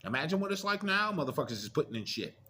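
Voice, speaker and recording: A man's voice: on the high side, sing-song, quick pace, bright, forceful tone, a little hiss or hum. Middle-aged man ranting bluntly. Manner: profane, preachy, blunt warnings. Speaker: commentator. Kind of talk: casual monologue rant.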